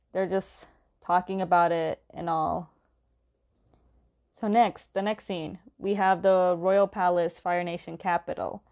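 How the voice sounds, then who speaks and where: A woman's voice: fairly low pitch, darkish tone. A young woman casually recapping a story, chatty and laughing often, with lots of filler words. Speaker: comic recap host.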